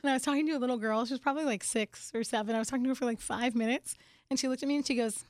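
A woman comedian chatting casually, telling animated, profane stories and laughing often. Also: fairly high pitch, very fast, no room sound, studio quality. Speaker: comedian guest. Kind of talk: casual chat.

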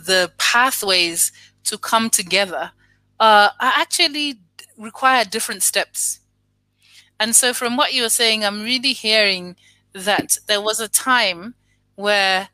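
A woman's voice: mid-range voice, bright, forceful tone, no room sound, low-quality recording. A woman interviewer speaking in a thoughtful, hesitant way, with many fillers and restarts as she forms her questions. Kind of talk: conversational interview.

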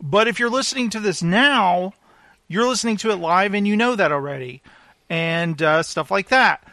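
A goofy, excitable male podcast host with a high, bright voice, rambling through a casual chat. The sound is dry and close, with a faint crowd behind him. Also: normal speed, no echo.

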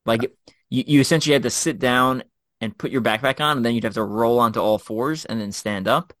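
A middle-aged former Special Forces officer, guest co-hosting a casual podcast, animatedly tells military stories packed with fillers and restarts. He speaks at a medium pitch, a little fast, in a dry recording.

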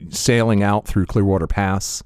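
A man's voice: fairly low pitch, fairly even intonation, a little mellow, smooth, no echo, clean studio sound. A man co-hosting a podcast in casual chat, teasing and joking with his partner. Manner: joking, teasing, quick to laugh along. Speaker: podcast co-host.

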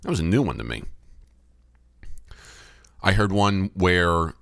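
A middle-aged man who hosts a podcast and works as a baseball umpire thinks aloud in a reflective solo episode. His lowish, gravelly voice moves through very lively pitch at a slow pace, and he muses, asks himself questions and often restarts. The close-miked studio sound is dry, with no room noise.

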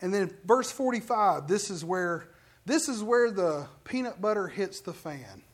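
This is a pastor giving a lively, conversational sermon from the pulpit of a church. They keep turning to the congregation with questions and call-outs, then push into emphatic stretches of preaching. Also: mid-range voice, unhurried.

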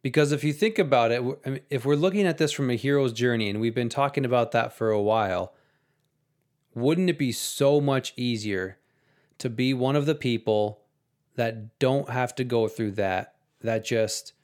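A man's voice: medium pitch, normal speed, a little mellow. A man in casual discussion, thoughtfully posing a question and restarting his sentences.

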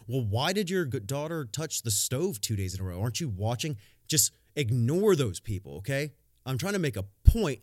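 A man with a mid-range voice holds forth on his solo podcast. He is blunt and profane, and he rambles from point to point. The sound is dry and close, with no room echo. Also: mid-range voice. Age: adult, has a young daughter. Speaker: podcast host. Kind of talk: casual solo podcast monologue.

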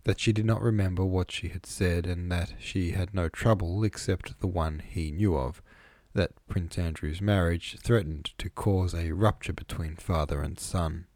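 A man narrating a classic novel as an audiobook, measured and even. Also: low voice, no room sound. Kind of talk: scripted narration.

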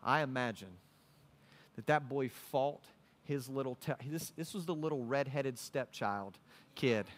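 A man preaching a sermon, telling a story in an animated way with casual slang. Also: mid-range voice, measured pace, in a large hall.

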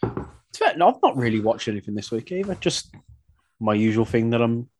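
A man co-hosting a podcast in casual chat, bantering quickly and laughing along. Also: medium pitch, sing-song, breathy edge. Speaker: podcast co-host.

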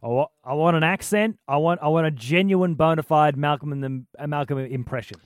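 A man's voice: on the high side, no room sound, clean studio sound. A man co-hosting a podcast in casual, comedic chat, playful and bossy. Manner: playful, bossy, quick to laugh. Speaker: podcast co-host.

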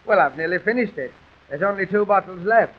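Man doing a tired grumbling constable, fairly high voice, rambling music-hall patter, dull old record sound. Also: a little fast. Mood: weary grumbling. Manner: chatty, rambling, self-pitying with deadpan gags. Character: weary, grumbling male police constable on the beat.

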